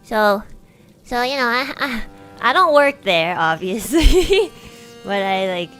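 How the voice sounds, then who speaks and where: A young woman streamer telling a long everyday story in casual chat, animated and chatty, acting out what people said. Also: a little high, takes it slowly, faint music behind. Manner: chatty, animated, acts out quoted lines in a raised voice.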